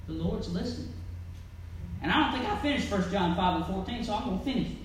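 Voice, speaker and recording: A woman preaching a sermon in a church, swinging from loud calls to near-whispers. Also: mid-range voice, animated, fast. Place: church sanctuary. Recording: echoey church with faint noise.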